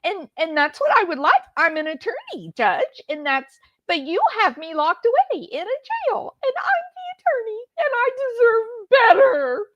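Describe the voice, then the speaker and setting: Woman doing a high, whiny, self-pitying lady defendant, sobbing, dry close sound. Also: takes it slowly, pushed and bright, no echo, muffled recording. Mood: whining. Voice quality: whining, tearful, mocking.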